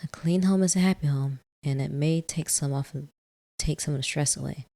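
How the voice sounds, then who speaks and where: A woman hosting a let's play, reading a visual novel in the first person, softly, with casual asides. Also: low-pitched, normal speed.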